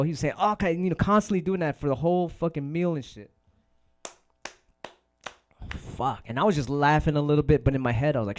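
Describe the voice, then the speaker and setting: A man's voice: mid-range voice, expressive, fast, darkish tone. Dude just rambling on his stream, swears a ton, says stuff twice. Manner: rambling, profane, repeats phrases. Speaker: DJ and host. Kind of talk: casual livestream chat.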